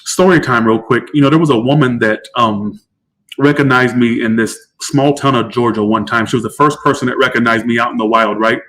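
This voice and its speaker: A man's voice: mid-range voice, fairly quick, a bit bright, rough recording. A man giving a casual live-stream tarot reading, chatty and emotional, swearing freely. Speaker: tarot reader.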